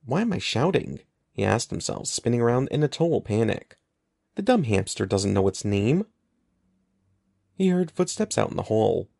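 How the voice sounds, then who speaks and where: A man narrating an audiobook in an expressive, lively storytelling manner. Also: lowish voice, normal speed, creaky, pauses often, no echo, clean studio sound. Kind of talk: scripted narration.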